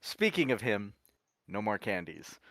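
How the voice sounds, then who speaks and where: Guy doing a chill bearded first mate, low voice, bright and dry, no shame at all. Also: very animated, a little slow, no echo, exaggerated voice. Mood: easygoing. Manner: laid-back, chuckling.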